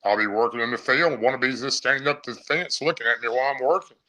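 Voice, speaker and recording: A man's voice: mid-range voice, fast, sharp tone, natural voice. A man voicing his elderly grandfather, a plain-spoken old country man, while telling a story. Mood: explaining. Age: older. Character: old country grandfather, gruff but calm.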